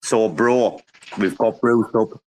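A man's voice: on the low side, slow pace, a little mellow, slight background noise. Boisterous swearing man hosting a chat. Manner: boisterous, swearing, laughing often. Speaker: host. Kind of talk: casual live audio chat.

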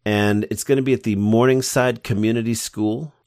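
Deep-voiced rambling podcast host man. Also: fairly even intonation, normal speed, darkish tone, no room sound, clean studio sound. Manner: rambling and enthusiastic. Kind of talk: casual interview chat.

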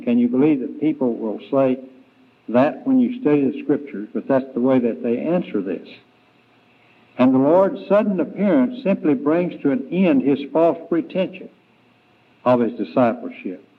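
A man preaching an evening Bible lesson, slow and deliberate, with frequent fillers and restarts. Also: medium pitch. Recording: tinny, phone-like 1990s church tape.

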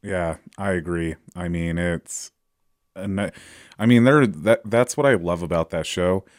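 Low voiced guy on a podcast, lots of um and uh, dry sound. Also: unhurried, no room sound. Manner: storytelling with many fillers. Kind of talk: casual chat.

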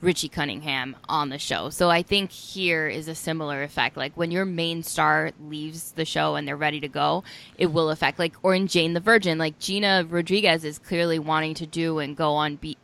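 A woman's voice: low voice, normal speed, gravelly, a bit bright. A young woman in a casual chat, talking in a chatty way with many fillers.

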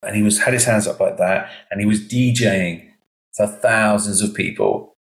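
A man, an education consultant telling stories in a podcast interview, animated and acting out the dialogue. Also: lowish voice, normal speed, roomy sound, low-quality recording. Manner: animated, emotional storytelling, acts out quoted dialogue.

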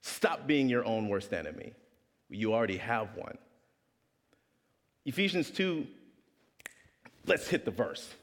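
Animated male preacher in a reverberant hall. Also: medium pitch, takes it slowly, long pauses. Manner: animated storyteller acting out voices. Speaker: pastor. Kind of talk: storytelling sermon.

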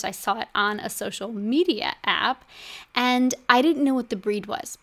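A woman's voice: a little high, fairly bright tone. A middle-aged woman hosting a podcast as a health coach, talking to the listener in a chatty, upbeat way. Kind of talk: scripted podcast monologue.

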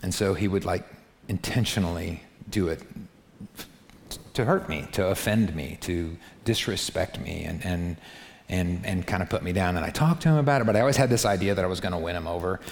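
A man's voice: deep voice, brisk, a little hiss or hum. A man preaching a sermon to a live congregation, talking straight to them in an emphatic, repetitive way. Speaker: pastor. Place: large hall before a live congregation. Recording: long hall reverb.

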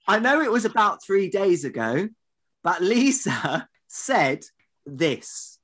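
A man's voice: sits high, big pitch swings, slow, a bit bright. A man co-hosting a podcast in casual banter, teasing his partner in mock exasperation. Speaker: podcast co-host.

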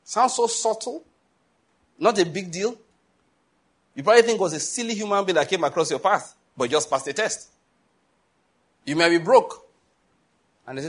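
A man's voice: fairly high pitch, fairly quick, long pauses, a bit bright. A man preaching a sermon, telling stories and acting out the dialogue with a laugh. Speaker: pastor.

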